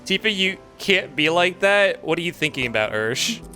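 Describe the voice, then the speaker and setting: A man's voice: high-pitched, very animated, a little slow, pushed and bright, soft background music. A man streaming a video game live, chatting casually, easily distracted, reacting to what is on screen.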